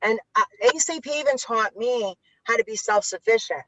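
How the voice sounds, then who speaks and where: A woman from Chicago, an author and youth interventionist, speaks candidly in an interview with a higher voice, moderate pace, and fairly bright tone. She's blunt and profane and restarts a lot. The audio is dull and lo-fi, with no room sound.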